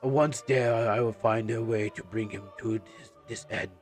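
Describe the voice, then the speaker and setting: A man voicing a vengeful young nobleman who avenges his mother, reading game dialogue in a solemn, halting period style. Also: lowish voice, steady tone, soft background music, natural voice.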